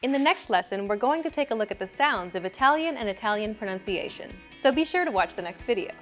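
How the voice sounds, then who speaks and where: A woman hosts a language lesson in a calm scripted narration. She explains each point clearly and at a measured pace, with her voice sitting in an ordinary middle range. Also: mid-range voice, soft background music. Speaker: host.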